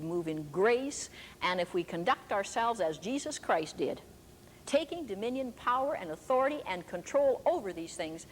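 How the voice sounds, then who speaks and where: An older woman preaching a sermon, telling stories emphatically. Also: medium pitch. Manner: emphatic storytelling. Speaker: preacher and teacher. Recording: echoey hall with faint background noise.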